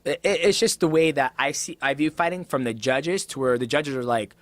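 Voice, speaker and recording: A man in his thirties, a professional fighter, telling lively stories on a podcast and acting out what others said, with frequent swearing. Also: on the high side, a little fast, no room sound. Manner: animated storyteller, acts out voices of others, swears freely. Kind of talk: casual podcast conversation. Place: podcast studio.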